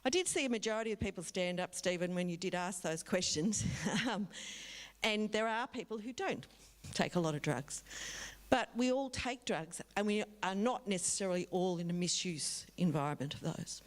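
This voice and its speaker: A woman's voice: medium pitch, animated, moderate pace. A middle-aged woman giving a public talk as a guest speaker, telling a vivid story and speaking directly to the audience. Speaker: guest speaker from a drug foundation.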